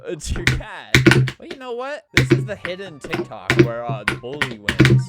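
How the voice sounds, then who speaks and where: A young man in his twenties giving comedic gameplay commentary with dark, deadpan jokes and playful storytelling. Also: fairly high pitch, moderate pace. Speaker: gaming video creator. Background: loud background music.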